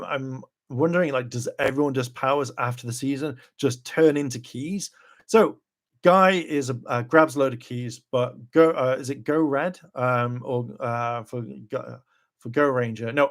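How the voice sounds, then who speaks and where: A man hosting a casual live reaction video, rambling with lots of fillers and acting out characters' lines in quick bursts. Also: mid-range voice. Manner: rambling, heavy with "kind of" and "like" fillers.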